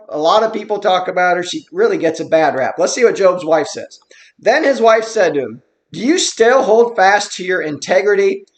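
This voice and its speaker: A man teaching a Bible study in an earnest, explanatory way, reading verses slowly and then commenting on them. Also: sits high. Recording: roomy echo.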